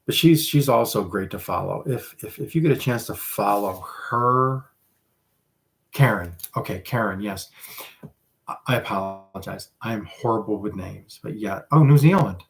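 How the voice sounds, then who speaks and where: A man's voice: fairly low pitch, moderate pace, gravelly. A man hosting a casual livestream, chatting with viewers in a rambling, self-deprecating way. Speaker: livestream host.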